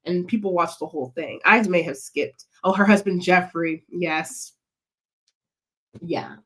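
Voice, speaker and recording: A woman's voice: lowish voice, a little slow, fairly bright tone. A young woman chatting casually, rambling with lots of fillers. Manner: rambling, filler-heavy, giggly. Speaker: co-host. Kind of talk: casual chat.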